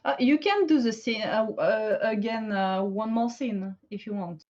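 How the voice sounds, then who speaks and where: A woman's voice: on the high side, a little slow, a little mellow. A woman playing a tabletop game, speaking hesitantly with trailing phrases. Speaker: player. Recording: dull lo-fi.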